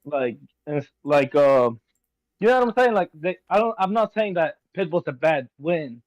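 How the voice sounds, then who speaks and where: A relaxed man joins a casual podcast chat, hedging his opinions as he goes. His voice sits a little high, and the sound is dry and close. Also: moderate pace, no echo, rough recording. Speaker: podcast guest.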